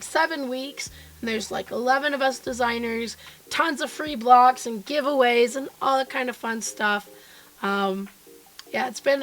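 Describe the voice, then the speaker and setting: A woman with a hoarse, froggy voice from being sick, chatting casually and cheerfully with viewers from her home basement studio. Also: sits high, a bit bright. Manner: chatty and upbeat, greeting viewers by name. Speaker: quilt designer and live streamer. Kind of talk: casual live-stream chat.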